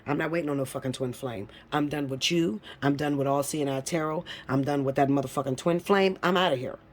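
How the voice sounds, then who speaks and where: A woman giving a casual tarot reading to camera. She talks bluntly and swears a lot, with a teasing tone that swings from low mutters to high, loud bursts. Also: fast talker. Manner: blunt, profane and teasing, breaks into laughs. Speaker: tarot reader.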